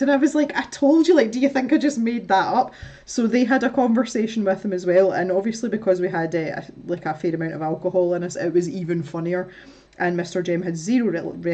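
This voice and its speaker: A woman's voice: lowish voice, darkish tone. A woman chatting casually while crafting on a livestream, telling stories, reading out chat comments and laughing often.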